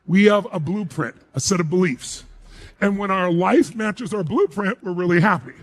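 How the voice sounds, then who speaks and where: A man's voice: sits high, normal speed. A man giving a live motivational speech to an audience, emphatic and full of rhetorical questions. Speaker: motivational speaker.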